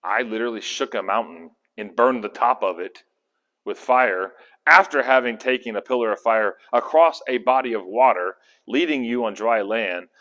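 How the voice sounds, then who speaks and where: A man's voice: mid-range voice, normal speed, fairly bright tone, close to an everyday voice. A man voicing God as a patient, casual speaker who reassures in plain, everyday words. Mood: easygoing. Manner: laid-back, plainspoken, reassuring. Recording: long hall reverb.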